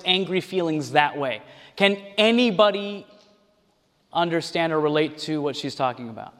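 A man preaching a sermon to a congregation, talking directly to them and acting out the voices of people he quotes. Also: fairly high pitch. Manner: animated, acts out quoted voices. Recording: long hall reverb.

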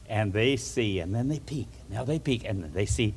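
A man's voice: lowish voice, moderate pace, hardly any pauses, husky. A man preaching by telling a Bible story to children, directing them as they act it out. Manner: animated, theatrical, directing children acting out the story.

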